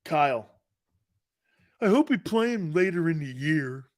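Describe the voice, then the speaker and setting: A man's voice: fairly high pitch, measured pace. A man hosting a live sports talk show, teasing viewers and laughing often as he reads their comments. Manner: animated, teasing, laughs often, mock apologies.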